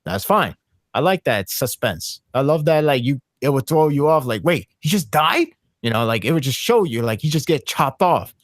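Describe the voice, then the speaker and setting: A man chatting on a podcast in a voice of middling pitch, recorded dry and close with no room sound. He rambles eagerly, stumbling through restarts and fillers as his excitement builds. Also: moderate pace, no room sound. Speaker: podcast co-host. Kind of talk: casual podcast discussion.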